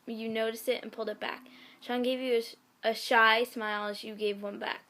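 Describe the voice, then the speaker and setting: A woman's voice: fairly high pitch, little pitch movement, brisk, pushed and bright. A woman reading fan fiction aloud in a casual way, often breaking off to giggle and comment on the text. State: sick.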